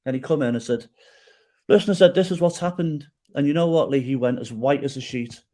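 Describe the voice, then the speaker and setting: Middle-aged male guest, medium pitch, lively storyteller who acts out dialogue and keeps checking in with the host. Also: fast talker. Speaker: podcast guest. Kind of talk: storytelling in an interview.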